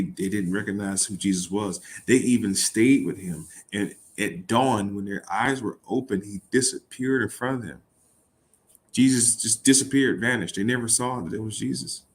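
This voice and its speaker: A man's voice: on the low side, fairly bright tone. A man reading a Bible passage aloud and riffing on it in casual, irreverent talk, swearing and laughing. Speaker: host.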